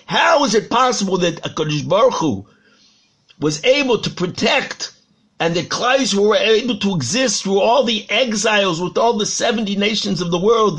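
A man's voice: sits high, vocal fry, fairly bright tone, slightly rough. A man, a rabbi, giving a Torah sermon, telling a parable dramatically and repeating words for emphasis.

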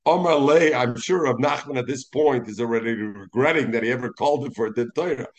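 A man teaching a Talmud lesson in an animated way, mixing Hebrew and Yiddish terms into English and acting out the rabbis he quotes. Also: mid-range voice, brisk.

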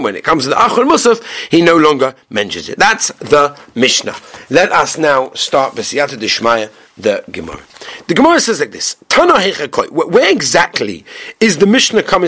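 A man leads a Talmud study session in peppered with Hebrew and Yiddish words. His voice sits a little high and swings widely in pitch as he explains each line with enthusiasm. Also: husky. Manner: animated, mixes Hebrew and Yiddish terms into English. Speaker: Talmud teacher. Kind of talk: daily Talmud lesson.

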